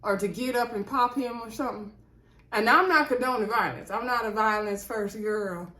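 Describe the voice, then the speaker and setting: A woman's voice: on the high side, moderate pace, sharp tone. A woman giving a chatty, outspoken review of a reality TV episode on her vlog and talking straight to her viewers. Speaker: reality TV recap YouTuber. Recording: roomy echo.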